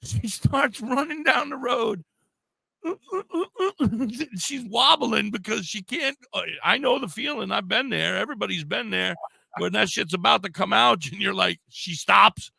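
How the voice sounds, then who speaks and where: An older man with a very gravelly, bright voice tells a rowdy story in a casual chat, animated and laughing as he goes. His voice sits a little high for a man. It is recorded close to the mic and sounds dry. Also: unhurried, no echo. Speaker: podcast co-host.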